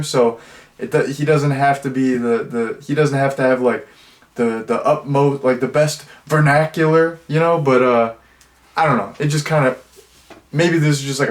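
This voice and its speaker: Young male reviewer, mid-range voice, loose and rambling, full of filler words. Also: mid-range voice. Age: 20s. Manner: rambling, heavy with fillers and restarts. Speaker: movie reviewer. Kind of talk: casual spoken review.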